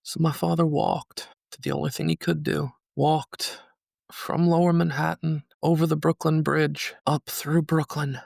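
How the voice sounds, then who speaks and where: A man in his thirties from New York hosting a podcast, slowly and solemnly recalling a painful day, with flashes of anger. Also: fairly high pitch, level tone, gravelly, a little mellow, dry recording, clean studio sound. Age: 30s. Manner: solemn, slow and measured with angry emphasis. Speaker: podcast host. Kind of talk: personal reflective monologue.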